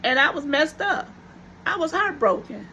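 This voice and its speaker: A woman's voice: high voice, very animated, normal speed, bright, forceful tone, dull audio, slight background noise. A woman vlogger telling viewers a personal story in a casual, chatty way, repeating her phrases for emphasis.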